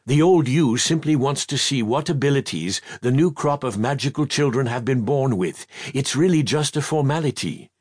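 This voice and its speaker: A man's voice: mid-range voice, expressive, moderate pace, few pauses, a little mellow, voice pushed up, close to an everyday voice. A male audiobook narrator voicing a patient, mild-mannered tutor who speaks reassuringly.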